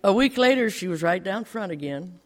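A man's voice: sits high, lively intonation, moderate pace. An older man telling a personal testimony to a church congregation, bringing the story to life by acting out the dialogue. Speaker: lay speaker giving a testimony in church.

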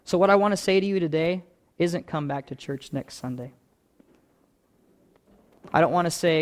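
A man's voice: fairly high pitch, moderate pace, long pauses. A man preaching a sermon as pastor, earnest, stacking repeated phrases that build in intensity.

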